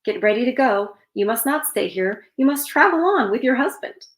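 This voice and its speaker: A woman's voice: a little high, animated, moderate pace, close to an everyday voice. A woman voicing a stern old king in a read-aloud fairytale, speaking in a commanding manner. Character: stern old king keeping his oath.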